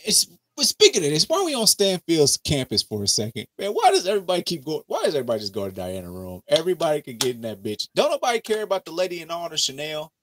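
A man hosting a casual TV review chat, animated, profane and mocking as he riffs on the episode. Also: on the high side, fast, few pauses. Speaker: TV show review podcast host.

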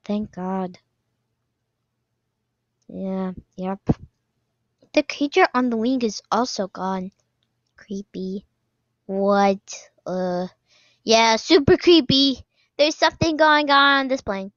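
A woman commenting on a game as she plays, excitable, often squealing and laughing. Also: a little high, takes it slowly, long pauses, no room sound. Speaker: gaming video creator. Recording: slightly dull lo-fi sound, dry.

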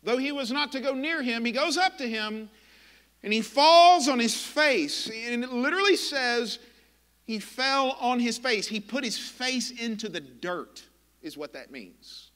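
Male pastor, high and bright voice, slow deliberate impassioned sermon delivery. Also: expressive, big-room sound. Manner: impassioned, emphatic preaching with dramatic pauses. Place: church sanctuary.

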